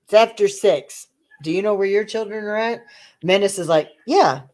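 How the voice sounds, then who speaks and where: A woman's voice: medium pitch, normal speed, a little mellow. A woman co-hosting a casual livestream, cracking bawdy jokes and laughing constantly. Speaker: livestream co-host.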